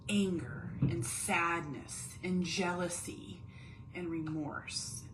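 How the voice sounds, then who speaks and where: Earnest mom confiding to camera at home. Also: female voice, fairly low pitch, fairly even intonation, takes it slowly, slight background noise, poor audio. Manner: earnest, confiding, drops to whispers on painful feelings. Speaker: mom vlogger and caregiver. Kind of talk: candid personal monologue.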